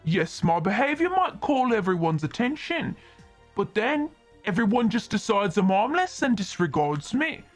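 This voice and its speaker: A woman voicing a calm, guarded man at a bar, reading game dialogue in a measured, patient way. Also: medium pitch, faint music behind, close to an everyday voice. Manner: measured, explaining himself patiently.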